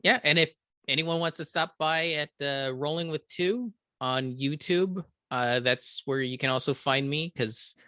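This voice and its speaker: Bright-voiced male podcast guest. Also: on the high side, unhurried, no room sound, clean studio sound. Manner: easygoing, hesitant with restarts. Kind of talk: casual chat.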